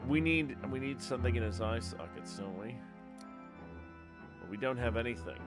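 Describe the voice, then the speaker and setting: A man's voice: medium pitch, animated, normal speed, loud music behind the voice. Man casually playing a game live. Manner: chatty, wry, thinking aloud. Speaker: streamer.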